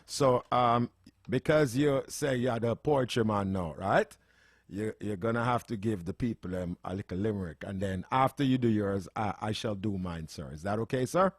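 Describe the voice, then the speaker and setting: A man's voice: fairly low pitch, normal speed, no echo, studio quality. A man hosting a casual afternoon radio show, bantering and laughing with his producer. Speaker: radio host.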